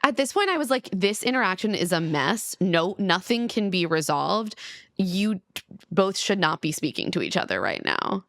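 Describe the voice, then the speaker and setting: A woman's voice: medium pitch, sing-song, moderate pace, gravelly, a bit bright, dry recording, studio quality. A woman co-hosting a podcast who retells reality-show scenes animatedly and laughs often in casual chat. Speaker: podcast co-host.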